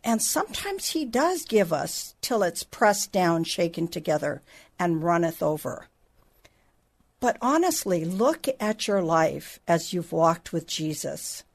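A woman's voice: lowish voice, big pitch swings, slow, husky. A middle-aged woman teaching the Bible on a faith podcast, in a conversational way with asides and restarts.

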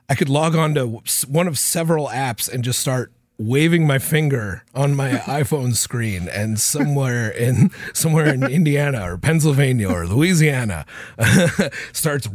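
Wry joking man with lively pitch. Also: dry recording, studio quality. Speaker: podcast co-host. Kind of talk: casual chat.

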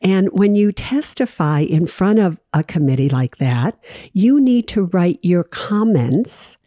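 A woman's voice: lowish voice, expressive, unhurried, warm tone, no room sound, clean studio sound. Emphatic woman giving money advice. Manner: emphatic, direct, repeats key phrases. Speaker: financial advice host. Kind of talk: casual chat with direct advice to listeners.

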